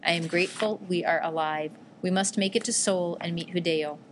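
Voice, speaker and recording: A woman reading aloud the part of a weary, dignified mother who speaks firmly and in a measured way. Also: fairly low pitch, fairly even intonation, a little hiss or hum, close to an everyday voice. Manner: firm and measured.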